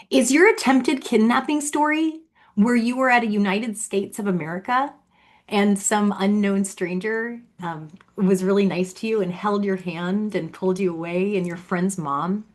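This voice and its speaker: A woman talking straight to the camera in a solo vlog, accusing and sarcastic, often mocking someone she addresses. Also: mid-range voice. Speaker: vlogger. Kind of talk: direct-to-camera monologue.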